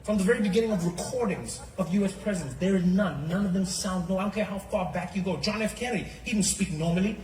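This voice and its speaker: A male comedian doing animated stand-up comedy with mocking, repeated punchlines. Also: high-pitched, quick pace, hardly any pauses, recorded from a distance. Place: live comedy venue. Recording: echoey live club recording, loud audience.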